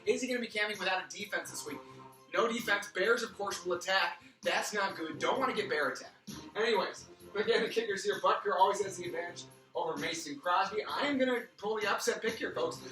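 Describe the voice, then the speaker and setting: A man's voice: high-pitched, fast talker, pushed and bright. A man talks at speed through a mock sports-analyst preview, rambling off into pun tangents. His voice sounds a little worn, as if he is losing it. He is heard from some distance in a roomy space, with music playing behind him. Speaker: fantasy football league host.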